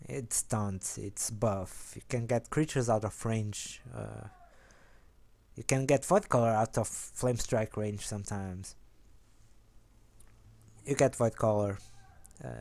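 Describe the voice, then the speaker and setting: Young male host, low-key and rambling, slightly low mellow voice. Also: steady tone, takes it slowly. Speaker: host of a card game deck video. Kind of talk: casual rambling explanation.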